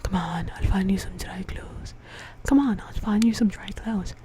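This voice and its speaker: A man's voice: sits high, normal speed, mellow, lightly acted. A woman whispering the lines of a worried, protective father, in whispered role-play. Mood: firm. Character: worried protective father, middle-aged man.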